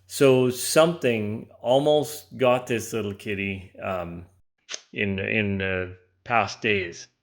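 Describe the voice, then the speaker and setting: Deep-voiced man explaining plainly. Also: takes it slowly. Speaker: homestead channel co-host. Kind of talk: casual explaining.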